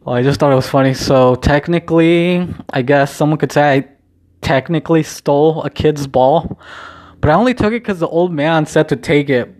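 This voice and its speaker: A man's voice: on the high side, normal speed, a little mellow. Laid-back young man rambling casually. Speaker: vlogger. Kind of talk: casual storytelling to camera.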